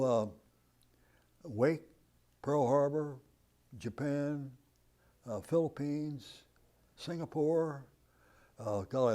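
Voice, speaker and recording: Mellow-voiced man in his nineties. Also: mid-range voice. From United States. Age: 90s. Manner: animated storyteller, chuckling at his own tale. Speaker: veteran interviewee. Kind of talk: recounting war memories in an interview.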